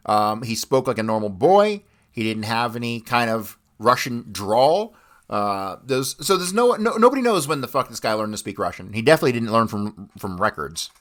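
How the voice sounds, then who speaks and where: An American man hosts a history podcast, reading passages aloud and then ranting between them with blunt, frequent swearing. His voice is medium-pitched, sing-song, and fairly bright, at a normal speed.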